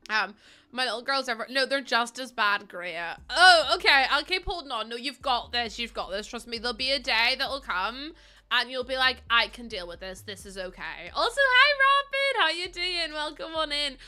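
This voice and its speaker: A woman's voice: a little high, animated, moderate pace, sharp tone. A young woman from the UK or Ireland chatting casually with livestream viewers in a rambling, exasperated way, with frequent ums.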